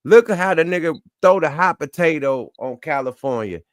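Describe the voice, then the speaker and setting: Animated man, slightly high voice. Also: moderate pace, no room sound, studio quality. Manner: animated, loose, profane storytelling. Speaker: co-host. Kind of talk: casual podcast discussion.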